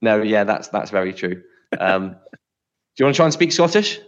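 A man's voice: fairly low pitch, sing-song, moderate pace, dull audio. A man co-hosting a podcast, chatting casually and explaining things with plenty of filler words. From United Kingdom. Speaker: podcast co-host.

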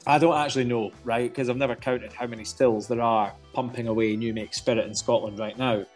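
A man's voice: medium pitch, steady tone, a little fast, faint music behind. A man co-hosting a podcast, chatting casually in a jokey, rambling way. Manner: jokey, rambling, self-deprecating. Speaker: podcast co-host.

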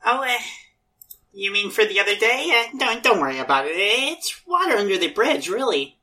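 Bright, lively woman playing a tabletop game. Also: medium pitch, moderate pace, a little hiss or hum. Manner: hesitant, friendly in-character talk. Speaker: player. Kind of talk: tabletop role-play.

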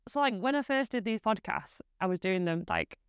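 A woman in her thirties with a northern English accent, hosting a casual podcast chat at home, talking quickly and swearing freely. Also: mid-range voice, expressive, smooth, no echo, studio quality. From northern England. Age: 30s. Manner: fast, chatty, swears freely, laughs often. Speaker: podcast host. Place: living room at home.

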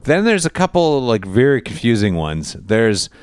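Lively dry-voiced man. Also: medium pitch, moderate pace, smooth, dry recording. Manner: chatty, laughs, retells scenes. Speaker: podcast co-host. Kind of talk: casual movie review chat.

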